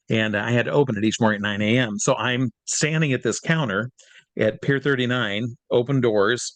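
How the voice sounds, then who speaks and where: A man from Iowa tells a long anecdote as an interview guest, lively and animated, pushing his voice up when he reenacts what people said. He sits at a middling pitch, and the recording is dry and close, with no room sound. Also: no echo. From Iowa, USA. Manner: lively storyteller, voice climbs high when reenacting scenes. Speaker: interview guest, hypnotist and magician.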